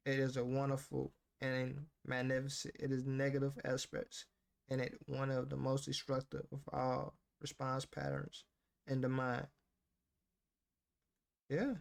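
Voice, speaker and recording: A man's voice: mid-range voice, completely flat delivery, a little slow, gravelly. A man casually reading a self-help book aloud and reacting to it in slangy, talk-back commentary. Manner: slangy, talks back to the text, reads passages aloud then riffs.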